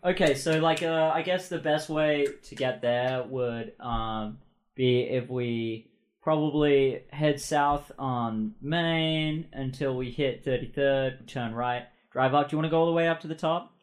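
A man's voice: mid-range voice, measured pace, close to an everyday voice. A man voicing a chatty, rambling male cab driver with a Southern accent, who makes easygoing small talk.

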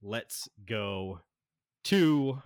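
A man running a tabletop game as game master, narrating in an unhurried way with lots of fillers and frequent laughs. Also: fairly low pitch, expressive, a little mellow, dry recording, clean studio sound.

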